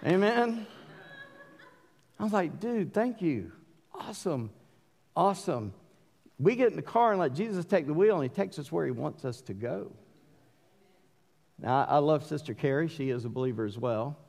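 A middle-aged Southern man preaching in a large church, his fairly high voice carrying a long reverb tail around the hall. He swings from folksy, conversational asides to loud, emphatic bursts on key lines. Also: normal speed, vocal fry, long pauses. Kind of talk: sermon.

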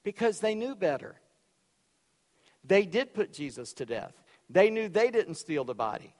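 A man preaching a sermon, loud and emphatic, dropping suddenly to quiet for effect. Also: high-pitched, big pitch swings, measured pace, long reverb tail. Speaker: pastor.

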